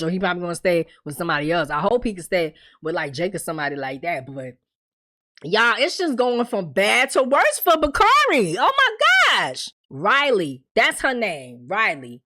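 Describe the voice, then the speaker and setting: A woman talks through a TV episode recap in a loose, chatty way, full of slang. She tells it like a story and slips into the characters' lines. Her voice sits at a middle pitch for a woman. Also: fairly bright tone. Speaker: TV show reviewer. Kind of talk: casual recap monologue.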